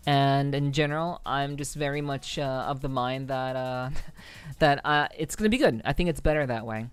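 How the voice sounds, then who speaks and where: A woman's voice: rumbling low, normal speed, clear, resonant tone, faint music behind. A young woman live streamer in casual chat with her viewers, rambling with frequent restarts.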